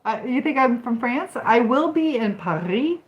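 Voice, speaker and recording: A woman's voice: a little high, animated, moderate pace, muffled recording. An older woman from Michigan hosting a casual livestream, chatting and answering viewer comments with frequent ums. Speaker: livestream host. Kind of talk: casual live chat reading comments.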